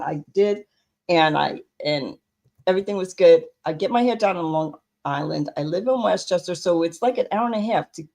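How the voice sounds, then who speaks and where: A woman, co-hosting a podcast and telling a story in casual chat, acting out the people in it. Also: on the low side. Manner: chatty, animated storyteller, acts out quoted dialogue. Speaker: podcast co-host.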